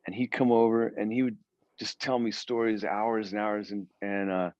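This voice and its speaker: A male guest guitarist on a video call, telling studio stories in a rambling, animated way. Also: lowish voice, moderate pace, no echo. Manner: rambling, animated storyteller who acts out quotes. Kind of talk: casual storytelling in an interview. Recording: dry, dull lo-fi call audio.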